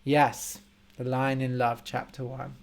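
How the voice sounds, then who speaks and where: Guy doing a live english lesson, talks real slow and clear, says hi to viewers. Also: mid-range voice, completely flat delivery. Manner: slow, clear, simplified speech for learners; greets viewers by name and explains words. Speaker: language teacher hosting a live stream. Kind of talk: casual live-stream chat with viewers.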